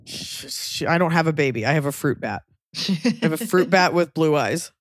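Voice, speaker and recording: Woman, podcast host, low-pitched, dry close sound, wry storyteller. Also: brisk, dry recording. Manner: wry, animated storytelling with acted-out quotes. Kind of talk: casual chat.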